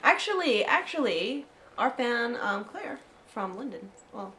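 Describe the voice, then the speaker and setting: A woman co-hosting a film review show in casual, rambling, excitable chat. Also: a little high, unhurried, slight background noise.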